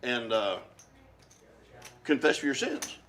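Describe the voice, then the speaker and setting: A man at a livestreamed poker game tells a joke with animated, swinging pitch. The card room's clatter is clearly heard behind him. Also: a little hiss or hum. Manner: animated storyteller, doing quick voices in a joke. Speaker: poker player. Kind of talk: joke telling at a card table.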